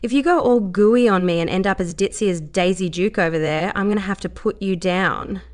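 A woman voicing a blunt, callous young dancer who talks in a sharp, snarling way. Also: mid-range voice, fairly quick, natural voice.

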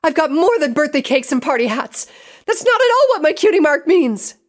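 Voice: high-pitched, big pitch swings, brisk, voice pushed up. A reader voicing a frantic young female earth pony who shrieks at the top of her lungs, in a storybook reading. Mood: shrieking.

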